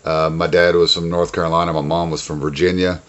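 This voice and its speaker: Low-voiced man, blunt and joking. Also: level tone, fast, lo-fi sound. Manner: blunt, joking, laughs at his own jabs. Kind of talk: casual podcast chat.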